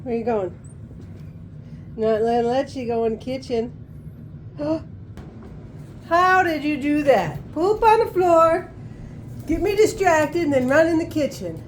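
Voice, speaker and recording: A woman's voice: high-pitched, unhurried, long pauses, a little hiss or hum. A woman at home filming her parrot on a handheld camera, talking to it in a playful, teasing, sing-song way. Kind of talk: casual talk to a pet. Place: home, indoors.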